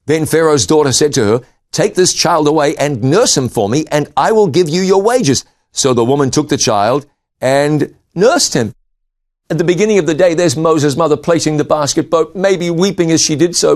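A man preaching a sermon, reading scripture aloud and retelling it with lively rises and drops in pitch and volume. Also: moderate pace. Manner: expressive Bible reading with shifting pitch and volume.

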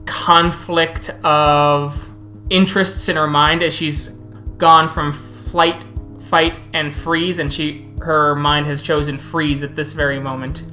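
A woman as storyteller, narrating a tabletop game in an unhurried, halting way. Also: low voice, little pitch movement, bright, forceful tone, soft background music.

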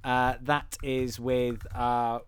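Smooth-voiced man hosting a film podcast. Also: mid-range voice, flat delivery, extremely slow, dry recording. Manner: wry, laughs often, rambling asides. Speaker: podcast host. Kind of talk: casual film podcast chat.

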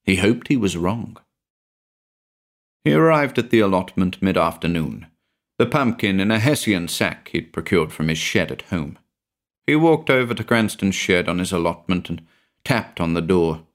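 Deep-voiced British male narrator. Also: lively intonation, normal speed. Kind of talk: scripted narration.

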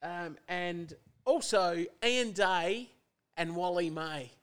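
A man's voice: high-pitched, slow, fairly bright tone, clean tone. A man co-hosting a casual sports chat, listing his favourites with enthusiasm and swearing back at his mate. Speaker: co-host.

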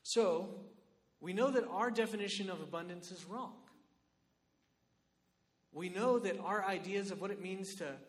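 A man preaching a sermon in an animated, conversational way, often checking in with his listeners. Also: high-pitched, long reverb tail. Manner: animated, conversational, lots of "right?" and "like".

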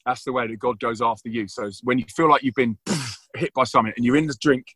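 A man's voice: medium pitch, fast talker, fairly bright tone, breathy edge, no echo. A man, a guest speaker on a video call, telling stories with earnest, preaching enthusiasm. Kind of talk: animated storytelling on a video call.

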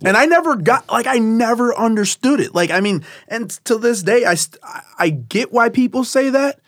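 A man's voice: very high voice, lively intonation, normal speed, fairly bright tone, no room sound, clean studio sound. A man telling a personal story in casual conversation, rambling with many fillers and restarts.

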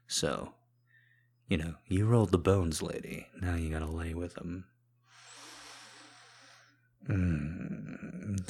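Man, whispered role-play, deep voice, husky, slow and soft, teasing partner. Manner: soft-spoken, teasing and affectionate. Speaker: partner back from a trip, addressing the listener.

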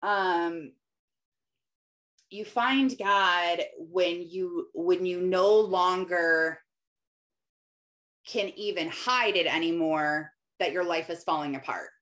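A woman's voice: on the low side, takes it slowly, pauses often, fairly bright tone. A woman in her thirties giving an earnest, conversational talk about faith to her followers, slipping into quoted voices as she goes. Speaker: Christian business owner sharing faith.

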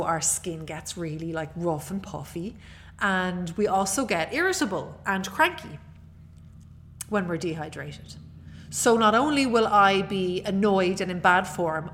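A woman's voice: medium pitch, fairly bright tone, slight background noise. A young woman hosting a podcast, talking casually and acting out her own inner voice with self-deprecating humor. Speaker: podcast host. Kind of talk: casual motivational monologue.

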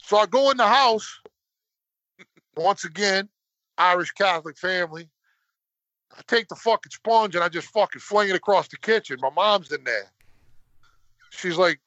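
A man spins a story in loose, casual chat, swearing in nearly every line and climbing in pitch as he gets worked up. His voice is fairly high and forceful with a bright edge. The sound is dull and lo-fi, with a dry, close feel. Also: animated, normal speed, pauses often, no room sound. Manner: profane, swears constantly.

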